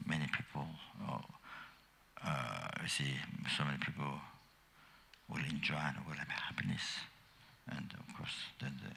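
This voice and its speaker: An older man giving a Dharma teaching as a Buddhist teacher, speaking in a halting, rambling way with many fillers and restarts, and coughing often. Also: rumbling low, creaky, pushed and bright, husky.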